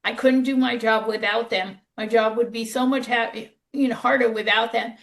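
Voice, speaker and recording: This podcast host is a nurse, and she tells chatty stories from work, often repeating her own words. Her voice sits a little high and a bit bright, with some vocal fry, fairly even intonation and a moderate pace.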